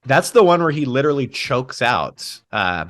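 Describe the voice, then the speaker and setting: A man's voice: medium pitch, very animated, normal speed, fairly bright tone. A man co-hosting a podcast, telling film memories enthusiastically and laughing often. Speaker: podcast co-host. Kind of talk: casual film chat.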